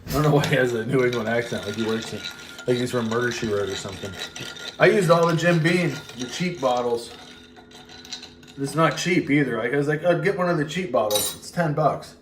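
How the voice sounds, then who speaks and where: A co-host mixes a cocktail in his farmhouse kitchen, keeping the talk casual and full of rambling asides. He has a mid-range voice, speaks fairly quickly, and the background is noisy.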